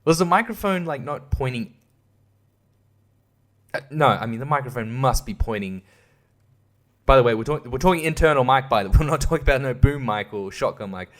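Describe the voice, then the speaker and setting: A young man talks through a loose, casual monologue as host, rambling from one thought to the next. He swears freely and keeps breaking into laughter at his own stories, in a voice of ordinary middle pitch. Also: expressive, a little fast, pauses often. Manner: rambling, profane, laughs often at himself.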